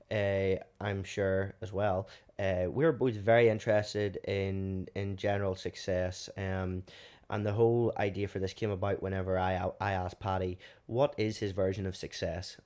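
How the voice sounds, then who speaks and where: A young man opens the podcast and steers the talk in an upbeat, casual way. His voice sits a little low. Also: darkish tone. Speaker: podcast host.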